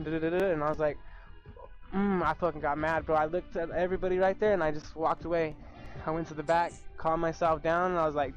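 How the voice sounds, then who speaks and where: A man's voice: fairly high pitch, flat delivery, soft background music. A young man telling a heated story about a fight with his manager at work. He swears constantly and keeps acting out both sides of the argument. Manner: swears constantly, rapid ranting retelling. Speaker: fast-food worker telling a story. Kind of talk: casual chat on a live stream.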